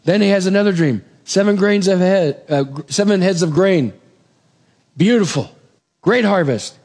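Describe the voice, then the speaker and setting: Male preacher, sermon, casual retelling, animated asides, fairly high voice. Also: moderate pace. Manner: animated, conversational, with asides to the congregation.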